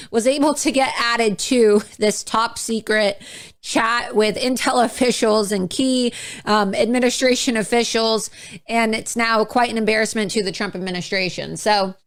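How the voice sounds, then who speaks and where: A woman political commentator speaking in a sarcastic tone, with chuckling asides, in a played clip. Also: fairly high pitch.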